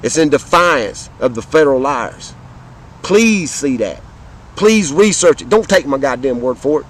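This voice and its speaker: A man's voice: medium pitch, animated, unhurried, slight background noise, poor audio. A man with a Southern American accent, delivering a fiery, profane rant straight to his viewers and repeating his points for emphasis. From Southern United States. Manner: fiery, profane, repetitive, addresses viewers directly. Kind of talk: impassioned political rant to camera.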